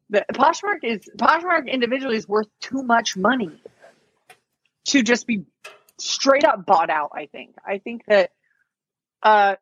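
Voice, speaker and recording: A woman's voice: a little high, fairly bright tone, breathy edge, no room sound. A woman on a podcast as a guest, telling her story in a casual, chatty way full of "like" and "um". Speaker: podcast guest, online reseller. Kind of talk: casual interview chat. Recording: dull, lo-fi, dry podcast audio.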